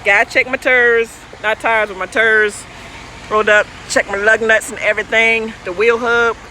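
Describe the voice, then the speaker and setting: This woman trucker sounds bright and forceful, her fairly high voice holding a fairly steady pitch at a normal pace. She's playfully chatting with livestream viewers on her phone, reacting to their comments in a goofy way while standing by her truck at night. Faint outdoor vehicle noise sits in the background.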